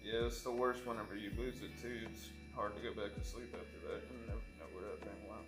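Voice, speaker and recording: Laid-back low-voiced man in a roomy space. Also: fairly even intonation, fast talker. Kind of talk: casual chat. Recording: roomy, with music behind.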